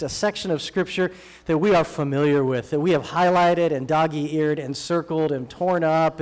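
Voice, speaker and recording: A man preaching a sermon as a guest speaker in a church sanctuary, in a relaxed, joking way that slows down to stress key phrases. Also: high-pitched. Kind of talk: conversational sermon.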